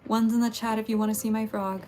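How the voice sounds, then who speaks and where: A woman's voice: on the high side, little pitch movement, fast, darkish tone, slight background noise. A woman from Texas, hosting a casual pottery livestream, chatting with viewers, greeting them by name and laughing often.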